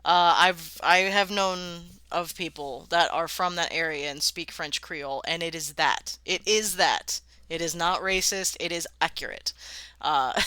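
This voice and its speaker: Woman streamer, unhurried delivery, talky, cursing and laughing, dry sound. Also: fairly low pitch, bright, forceful tone, clean tone, no room sound. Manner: chatty, swears freely, laughs often, sounds out words. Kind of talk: casual live-stream chat while worldbuilding.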